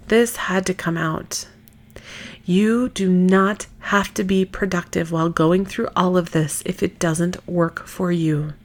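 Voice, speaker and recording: A woman in her thirties talks straight to her listeners in a candid solo podcast, frank and heartfelt. She swears without fuss and breaks into easy laughter, her pitch sitting in a natural middle range. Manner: frank and earnest, swears casually, laughs easily. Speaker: podcast host.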